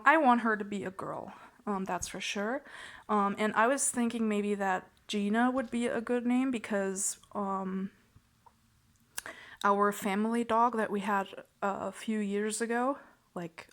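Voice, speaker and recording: A woman's voice: medium pitch, creaky. A young woman vlogging a plush unboxing, gushing and giggling with many fillers and restarts. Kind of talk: casual unboxing vlog.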